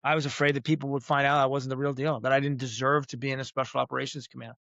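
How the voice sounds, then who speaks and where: A man speaking as a podcast guest, talking earnestly and reflectively with frequent pauses and vivid comparisons. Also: mid-range voice, flat delivery, creaky, fairly bright tone, no echo, muffled recording. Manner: earnest, uses metaphors, many "uh" pauses. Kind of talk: reflective interview talk.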